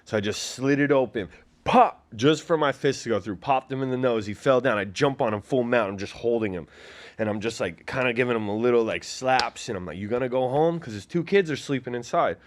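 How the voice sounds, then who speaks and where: A man's voice: medium pitch, animated, brisk. A man in his forties, a former fighter guest telling his story in a rambling, casual way, full of fillers and acted-out quotes. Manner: rambling, filler-heavy, acts out quoted voices.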